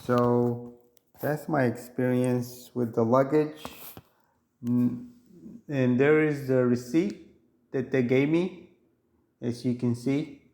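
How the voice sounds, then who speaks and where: Slow, flat-voiced nasal man vlogging. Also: medium pitch. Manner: halting, with restarts and fillers. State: nasal from recovering illness. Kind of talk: casual complaint vlog.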